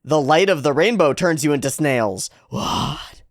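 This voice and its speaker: A woman hosting a reaction video, commenting on an anime in an excitable way, swearing and laughing loudly, going from mutters to squeals. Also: sits low, unhurried, no echo, clean studio sound. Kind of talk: casual reaction commentary while watching anime.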